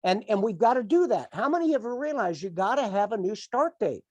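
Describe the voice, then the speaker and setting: A man's voice: high voice, sing-song, fairly quick, no room sound. A middle-aged man giving an emphatic, repetitive, fired-up motivational coaching talk to his team on a call. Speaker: team leader.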